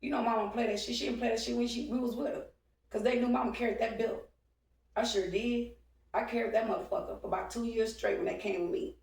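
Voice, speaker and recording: A woman's voice: a little high, fairly even intonation, fast talker, creaky, a little mellow. Woman, forties, blunt, profane, confrontational monologue, roomy echo, distant from mic. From Texas. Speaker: vlogger. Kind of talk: heated monologue to camera.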